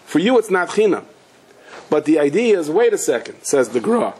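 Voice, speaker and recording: A man teaching a Torah class as a rabbi, telling stories in a conversational way and scattering Hebrew and Yiddish terms through his English, his pitch climbing when he presses a point. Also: sing-song, moderate pace, darkish tone, husky, low-quality recording. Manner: conversational storyteller, rises in pitch when driving a point home.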